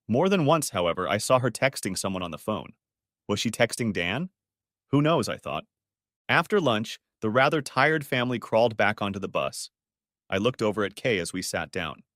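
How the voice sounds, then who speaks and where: A man's voice: fairly low pitch, a bit bright, dry recording, clean studio sound. A man narrating a first-person audiobook story in a bitter, restrained way.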